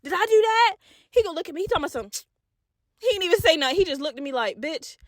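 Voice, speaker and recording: A woman hosting a podcast, telling a story in a casual, animated and profane way, laughing and acting out voices. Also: extremely high pitch, very fast, no room sound, studio quality. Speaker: podcast host.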